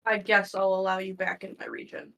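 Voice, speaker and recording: A woman's voice: medium pitch, wildly swooping pitch, fairly quick, vocal fry, fairly bright tone. A woman playing a tabletop role-playing game, speaking in character and teasing the others. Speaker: player. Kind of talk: tabletop role-play banter.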